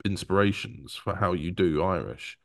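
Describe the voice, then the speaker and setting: A man with a fairly low voice hosts a relaxed interview. He speaks haltingly, often starting a phrase over before he finishes it. The sound is dry and close to the mic. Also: vocal fry, no room sound. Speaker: interviewer, co-creator. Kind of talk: casual interview chat.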